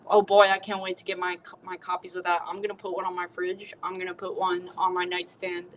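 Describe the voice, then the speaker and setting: A woman's voice: fairly low pitch, completely flat delivery, a little fast, a little hiss or hum, lightly acted, poor audio. A woman voicing an earnest, polite male cowboy who uses folksy exclamations.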